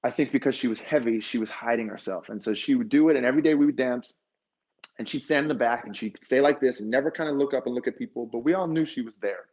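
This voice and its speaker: A man's voice: medium pitch, fast talker, darkish tone, slightly rough, muffled recording. A man, a fitness dance instructor, telling an emotional story at a conference and acting out the dialogue.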